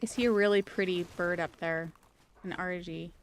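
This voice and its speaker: A woman's voice: lowish voice, fairly even intonation, normal speed, a little hiss or hum. A woman streaming a video game, chatting casually and playfully with her viewers and laughing often. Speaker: gaming streamer.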